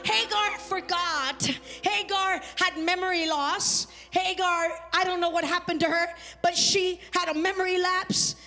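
A woman's voice: extremely high pitch, level tone, unhurried, few pauses, sharp tone, faint music behind. A woman pastor preaching a fervent sermon, repeating phrases and calling the congregation to answer back. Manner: fervent, repetitive call-and-response preaching.

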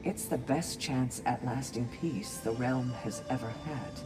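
An actress voicing a calm, diplomatic grown woman warrior in a video game. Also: a bass voice, measured pace, music in the background, rough recording. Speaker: game character. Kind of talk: game dialogue.

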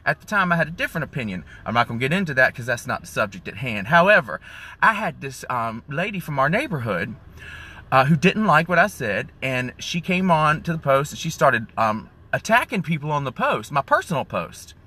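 A man's voice: mid-range voice, very animated, a little fast, bright, forceful tone, breathy edge. A man chatting sassily to viewers on a phone live stream from his car. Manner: chatty, sassy, calls viewers y'all and honey. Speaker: vlogger doing a live stream. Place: in a car in the rain.

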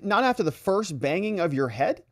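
A man's voice: high-pitched, big pitch swings, normal speed, fairly bright tone, no echo, studio quality, voice pushed up, heavily acted. A man quoting a blunt male defense attorney, read in a pressing, sarcastic tone.

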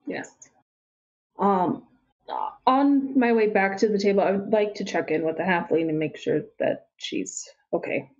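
A woman's voice: mid-range voice, unhurried, muffled recording. A woman playing a tabletop role-playing game, speaking politely with hesitations. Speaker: player.

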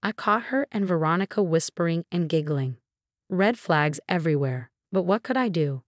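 A woman narrating a first-person story in an even, steady way. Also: lowish voice, moderate pace, no room sound, clean studio sound.

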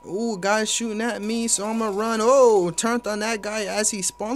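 Young dude hyping up his own gameplay, kinda high voice, blurts out loud oh's, faint hum in back. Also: fairly even intonation, moderate pace, few pauses. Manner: hyped, playful, talks to viewers, sudden loud exclamations. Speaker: gaming YouTuber. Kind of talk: live gameplay commentary.

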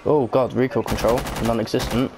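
Excitable young gamer man. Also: medium pitch, fairly quick, background noise. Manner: excitable, swears a lot. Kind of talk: casual gaming chat.

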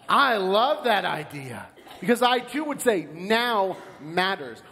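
Preaching in a church sanctuary with big-room sound, a pastor from the United States speaks slowly in a high-pitched, creaky voice. His sermon is animated storytelling, including a joke where he performs each character's part.

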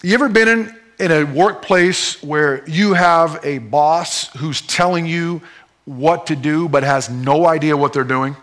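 A man preaches at a church service in a high, bright voice. He is playful and animated, joking with a volunteer as he demonstrates his points. His tone is clear and forceful. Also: a little slow. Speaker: pastor. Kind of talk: sermon.

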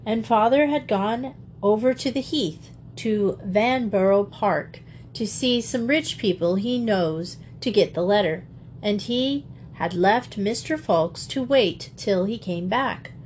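A woman reading a classic children's story aloud, with measured, lively storytelling. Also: mid-range voice, slight background noise. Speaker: audiobook reader. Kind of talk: storybook narration.

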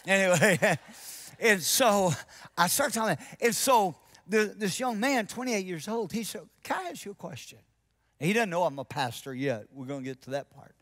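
A male pastor tells a story during his sermon, voicing both sides of a conversation and sinking into soft, intense tones for the key points. His voice is high and expressive, at a moderate pace.

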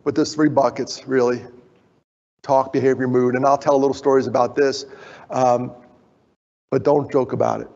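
Gravelly, husky man telling stories in an echoey hall. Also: medium pitch, moderate pace, long pauses. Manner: animated storyteller acting out quoted voices. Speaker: conference speaker. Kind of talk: storytelling conference talk. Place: conference hall. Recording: echoey hall, dull sound.

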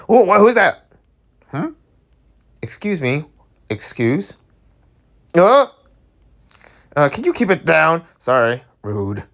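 Excitable man reading a webtoon aloud. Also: mid-range voice. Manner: excitable, gasps and laughs, reacts loudly to scenes. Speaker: webtoon reader. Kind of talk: casual read-along with reactions.

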